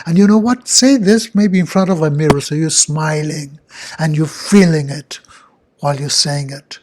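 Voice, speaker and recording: Older man, husky voice, fairly high pitch, earnest guided affirmations. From Argentina. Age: 60s. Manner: slow, repetitive, earnest questioning. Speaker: self-help speaker.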